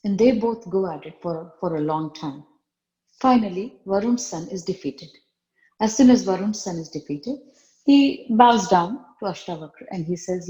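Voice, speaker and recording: A woman's voice: mid-range voice, expressive, normal speed, dark tone, reverberant, highs cut off. A woman retelling a spiritual story in a conversational way, often repeating phrases for emphasis.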